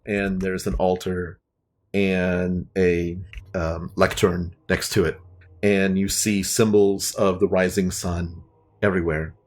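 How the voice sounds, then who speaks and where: A man's voice: low-pitched, level tone, slow pace. A man narrating a tabletop game as dungeon master, in a loose, casual way.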